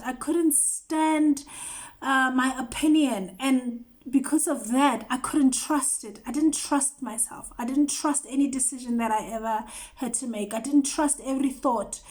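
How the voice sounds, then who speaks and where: A woman's voice: high-pitched, unhurried, a little mellow. A woman hosting a show, giving an earnest personal testimony and repeating phrases for emphasis. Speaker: host.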